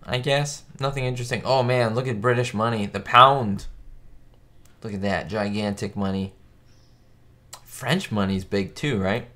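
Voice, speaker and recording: A man hosting a casual live stream, chatting about an old sitcom episode and answering viewers' comments with excitable asides. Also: lowish voice, a little slow, pauses often. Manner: chatty, reads chat aloud, excitable asides. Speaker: host. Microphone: webcam setup.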